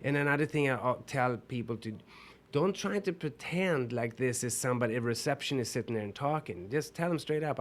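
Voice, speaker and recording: A man's voice: medium pitch, fairly quick. Man with a Swedish accent explaining earnestly. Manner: earnest, explanatory, repeats words for emphasis. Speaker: guest, business owner. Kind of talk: radio interview.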